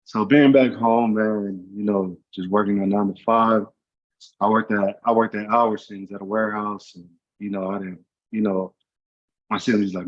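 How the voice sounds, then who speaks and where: Man, earnest interview guest, lowish voice, dull lo-fi video call sound. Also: steady tone, normal speed. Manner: earnest, heartfelt, with many "you know" fillers. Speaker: guest, former college football player and youth trainer. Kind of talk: casual interview.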